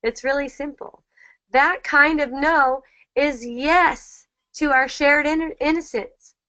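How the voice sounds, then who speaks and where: Gentle, higher-voiced woman teaching spiritual ideas. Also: steady tone, takes it slowly, dry recording. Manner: gentle, repeats key phrases, many restarts. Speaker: host of an online spiritual dialogue. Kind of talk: reflective spiritual teaching talk. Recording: slightly muffled lo-fi audio.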